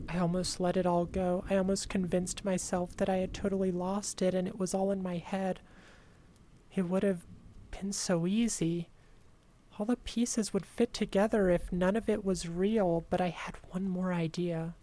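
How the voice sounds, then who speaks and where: Woman streamer reading a creepypasta, slow and dramatic, drops to whispers sometimes. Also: fairly low pitch, level tone, warm tone. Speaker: streamer reading horror stories.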